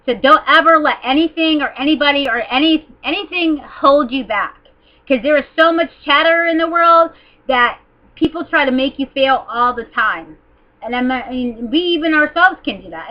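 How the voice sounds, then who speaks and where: Woman, 40s, vlogger; higher voice, earnest confessional ramble, dull webcam sound. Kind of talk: casual personal talk to camera.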